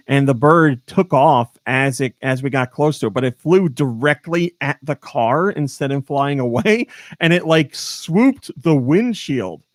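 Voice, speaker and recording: A man hosting a casual podcast and telling stories in an animated way, laughing often. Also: mid-range voice, normal speed, dry recording, clean studio sound. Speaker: podcast host. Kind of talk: casual chat.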